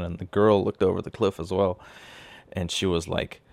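Deep gravelly young man telling a story. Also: little pitch movement, normal speed, a little mellow, dry recording. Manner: rambling, self-correcting storyteller. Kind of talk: casual spoken anecdote.

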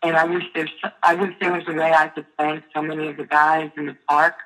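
Bright-voiced New woman storyteller. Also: sits low, a little fast, low-quality recording. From New York City. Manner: lively storyteller who acts out the voices in her stories. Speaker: guest. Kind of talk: storytelling interview.

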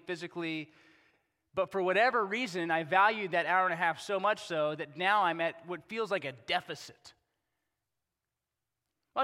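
A male pastor preaching in a loose, conversational way, stacking rhetorical questions. His voice sits a little high and rings bright and forceful. It is heard with the long reverb of a large hall. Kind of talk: sermon.

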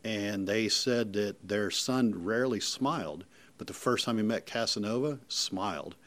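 A man's voice: lowish voice, a little slow, a bit bright. A middle-aged man, a volunteer telling a personal story in an earnest, emotional way and often repeating himself. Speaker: rescue volunteer.

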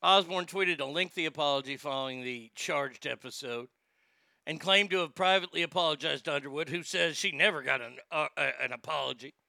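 High, gravelly, profane ranting man. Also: fairly quick, bright, forceful tone, dry recording, studio quality. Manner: profane, sarcastic, incredulous. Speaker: commentary host. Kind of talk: ranting news commentary.

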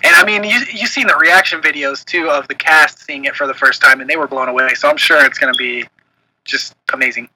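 A young man co-hosting a casual chat, his tone very sharp and tense and a little high for a man. He talks bluntly and with emphasis, and he swears freely. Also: brisk, a little hiss or hum, low-quality recording. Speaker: podcast co-host.

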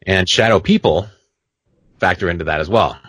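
A young man co-hosting a casual podcast, telling stories with lots of swearing and acting out his own panicked shouts. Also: deep voice, moderate pace. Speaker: podcast co-host.

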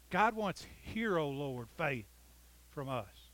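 Dramatic male preacher, loud then hushed. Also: sing-song, takes it slowly, poor audio. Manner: swings from loud, high pleading to low, soft intimacy; reads scripture dramatically, jokes with the congregation. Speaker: pastor. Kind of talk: sermon.

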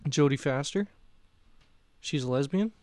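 Man, podcast co-host, animated, laughs a lot, dry close recording. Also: fairly high pitch, a little slow, dry recording. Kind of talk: casual movie-watching chat.

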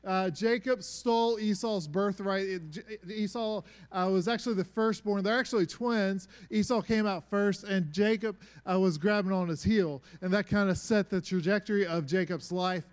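Smooth-voiced young preacher, high and easy. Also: male voice, normal speed, few pauses. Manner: relaxed, conversational, with frequent "uh" fillers and joking asides. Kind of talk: casual sermon.

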